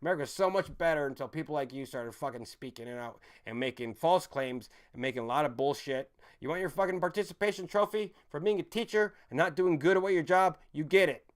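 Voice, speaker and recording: A man with a slightly high voice rants through a live stream monologue. He is heated and profane, jumping between loud outbursts and low mutters. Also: fast talker, few pauses.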